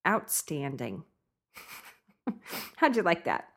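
A woman's voice: lowish voice, animated, moderate pace. Bubbly, giggly woman hosting a podcast. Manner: bubbly, giggly, laughs often. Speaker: podcast host. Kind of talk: upbeat solo podcast talk.

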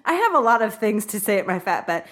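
A woman's voice: medium pitch, big pitch swings, fast, fairly bright tone. A woman hosting a podcast in a casual, chatty monologue, laughing often as she talks. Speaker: podcast host.

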